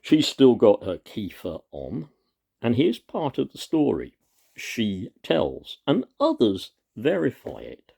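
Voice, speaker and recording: A man giving an impassioned personal monologue to his viewers, earnest and emphatic, pausing often and stressing single words. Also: mid-range voice, huge pitch swings, vocal fry, warm tone, breathy edge. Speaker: video commentator.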